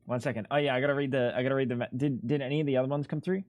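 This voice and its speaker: A man's voice: mid-range voice, steady tone, racing, darkish tone, no echo. A young man streaming live, chatting casually and rambling, swearing freely as he thanks viewers. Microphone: headset.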